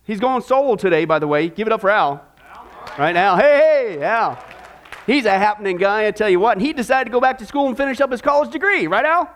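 A man's voice: high voice, expressive, a little fast, fairly bright tone. A man preaching a sermon, telling a humorous story in a folksy, joking way and tossing rhetorical questions to the congregation. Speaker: pastor.

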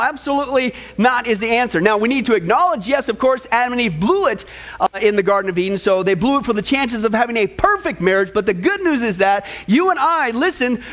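A pastor preaching a sermon, telling an animated story with stammering repeats and quizzing the congregation as he goes. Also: very high voice.

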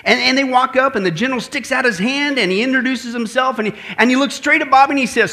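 A man's voice: very high voice, fast talker, hardly any pauses. A male pastor preaching a sermon in a church, joking and telling stories as he goes. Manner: joking, lively storytelling preacher.

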